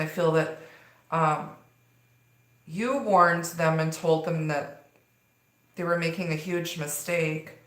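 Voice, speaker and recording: A woman giving a live tarot reading, talking in a rambling way with many fillers. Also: sits low. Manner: rambling, filler-heavy delivery. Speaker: tarot reader. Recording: echoey room.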